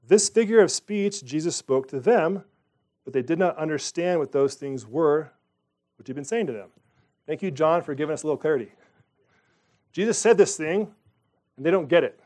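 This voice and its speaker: Slightly high-voiced man leading Bible study. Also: moderate pace, pauses often, a little mellow. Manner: conversational, thinks aloud with many asides and questions. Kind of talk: Bible study teaching with scripture reading.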